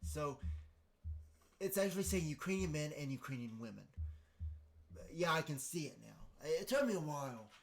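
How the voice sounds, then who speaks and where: A man's voice: on the high side, animated, normal speed, creaky, long pauses. A man hosting a podcast, explaining grammar in a casual, hesitant monologue with many fillers and restarts. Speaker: podcast host.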